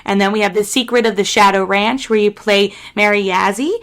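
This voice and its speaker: A woman's voice: medium pitch, fairly even intonation, a little fast. A woman hosting a podcast, asking interview questions enthusiastically and reading through a list of roles. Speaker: podcast host.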